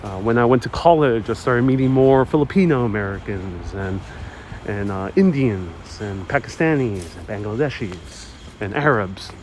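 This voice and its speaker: A man's voice: fairly low pitch, expressive, normal speed, a little mellow. Man chatting casually on a city walk. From Queens, New York. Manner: reads viewer comments aloud and answers them. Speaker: live-stream walking tour host. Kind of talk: casual live-stream chat while walking. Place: city street outdoors. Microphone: wireless clip-on mic while walking. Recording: outdoor street recording with faint traffic noise. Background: street traffic.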